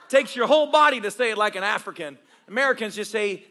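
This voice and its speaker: A male pastor preaching a charismatic sermon at a live church service, shouting and joking with the congregation. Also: sits high, expressive, fast talker, few pauses. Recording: live church recording with crowd and noise.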